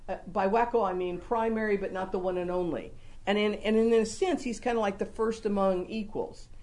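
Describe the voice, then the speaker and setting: A woman teaching a Bible lesson to a congregation in a conversational, lively way, often repeating words as she explains. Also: medium pitch, brisk. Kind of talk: sermon-style Bible teaching.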